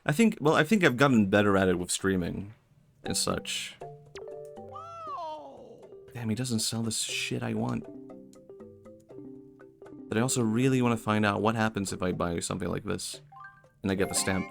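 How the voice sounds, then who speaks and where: A young man with a Swedish accent and vocal fry, chatting softly and musing aloud while streaming a game. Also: lowish voice, normal speed, long pauses, over music. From Sweden. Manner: soft-spoken, musing, talks to chat. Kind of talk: casual game-stream chat.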